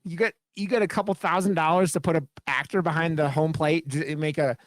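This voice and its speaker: A man's voice: a little high, steady tone, fast talker, dry recording, studio quality. A man co-hosting a horror podcast, chatting casually in a rambling, profane, enthusiastic way. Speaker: podcast co-host.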